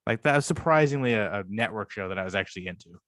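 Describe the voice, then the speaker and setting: A man co-hosting a casual podcast chat, rambling and swearing freely, sometimes jumping higher to act out quotes. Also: animated, fast talker, fairly bright tone, no echo, clean studio sound. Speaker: podcast co-host.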